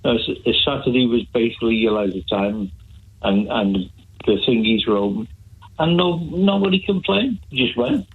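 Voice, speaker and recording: A male caller phones in to a radio show and chats cheerfully, wandering a little as he goes. His voice is slightly husky. It comes over a narrow, tinny phone line. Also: medium pitch, expressive, normal speed. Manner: chatty, cheerful, rambling. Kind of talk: phone-in call. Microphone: telephone line.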